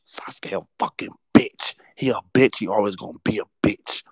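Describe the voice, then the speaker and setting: A man in his twenties ranting late at night, swearing nonstop and swinging between hushed whispers and loud outbursts. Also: on the low side, normal speed, hardly any pauses, slightly rough, no room sound. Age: 20s. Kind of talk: late-night profane rant, often whispered. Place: at home at night while others sleep.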